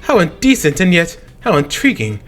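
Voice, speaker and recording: Brief: man playing a dramatic gossip-loving student, higher voice, over-the-top accusations. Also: wildly swooping pitch, normal speed, over music. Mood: melodramatic. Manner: melodramatic, accusing.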